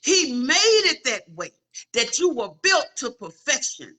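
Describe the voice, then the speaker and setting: A middle-aged woman preaches an inspirational talk with a high, bright voice. She repeats her points with emphasis and keeps calling out to her listeners. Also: very animated, a little slow. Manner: emphatic, repetitive, calls out to listeners. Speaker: inspirational speaker.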